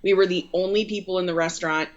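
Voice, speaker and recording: A woman who runs a photography business tells her story in a casual interview, earnest and rambling with plenty of fillers. She speaks quickly in a lowish, fairly even voice, and the recording is dull and lo-fi.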